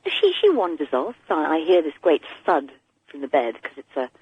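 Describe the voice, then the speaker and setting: A woman's voice: deep voice, wildly swooping pitch, moderate pace, husky, dry recording. Chatty woman caller on a muffled line. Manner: chatty, with many restarts. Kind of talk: chatty radio phone-in call.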